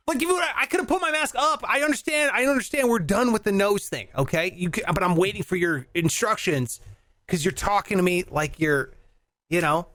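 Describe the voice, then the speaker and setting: A man hosting a casual chat show, telling an animated story with lots of laughter and acted-out voices. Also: high voice, fairly quick, dry recording. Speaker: podcast host.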